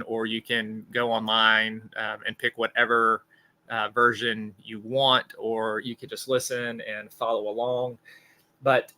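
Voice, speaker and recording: A man leads an informal Bible study, talking it through in an earnest, explanatory way as he works out his points. His voice is bright and forceful, and its pitch sits in the ordinary middle range for a man. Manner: earnest and explanatory, thinking aloud. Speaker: podcast host teaching scripture.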